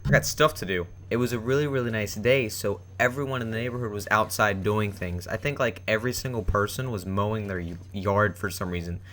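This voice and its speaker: A man's voice: on the low side, fairly even intonation, a little fast, hardly any pauses, fairly bright tone. A young man telling a personal story in a rambling, casual way, with many fillers and restarts. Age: young adult. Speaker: vlogger.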